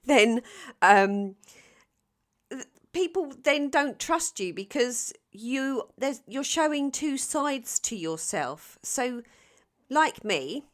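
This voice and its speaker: A woman's voice: high voice, expressive, takes it slowly. A woman from London with a South London Cockney accent, giving a chatty, playful tarot reading full of ums and restarts. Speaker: tarot reader. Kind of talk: casual tarot reading to camera.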